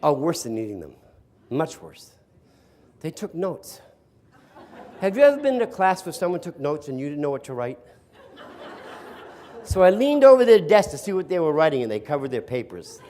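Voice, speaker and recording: Speaking to a live roomful of teachers, this older man from the East Coast leads a storytelling workshop, sarcastic and quick to ask them questions. His voice is a little high and mellow, very animated, at a moderate pace with long pauses.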